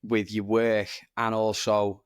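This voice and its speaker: A man's voice: fairly low pitch, little pitch movement, slow, smooth, dry recording, clean studio sound. A man hosting a podcast, asking friendly questions and chipping in short replies. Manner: friendly, brief prompts. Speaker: podcast host. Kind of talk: conversational interview.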